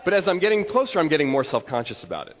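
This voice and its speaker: A man giving a motivational talk to an audience, telling stories in an animated, self-deprecating way. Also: a little high, racing, big-room sound, poor audio. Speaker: motivational speaker. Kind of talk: storytelling keynote talk to an audience.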